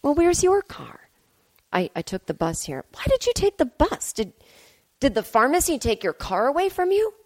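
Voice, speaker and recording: A woman's voice: sits high, big pitch swings, normal speed, voice pushed up. A woman voicing a flustered, melodramatic female doctor in a comedy sketch podcast, stammering and over the top. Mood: incredulous. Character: flustered self-important woman doctor, dramatic. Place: home apartment.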